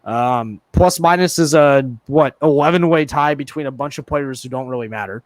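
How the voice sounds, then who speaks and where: A man's voice: medium pitch, normal speed, dry recording. A man hosting a casual podcast, joking and laughing often as he reads out stats and news. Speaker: podcast host.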